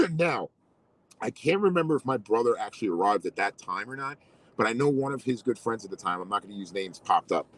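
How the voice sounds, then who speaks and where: A middle-aged man hosting, telling a story in casual, animated chat. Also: lowish voice, brisk, low-quality recording. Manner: animated, swearing, storytelling with quoted voices. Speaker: host.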